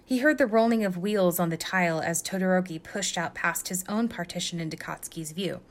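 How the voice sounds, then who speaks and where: A woman reading fan fiction aloud as a guest reader, telling it in a lively, expressive way. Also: lowish voice, a little fast.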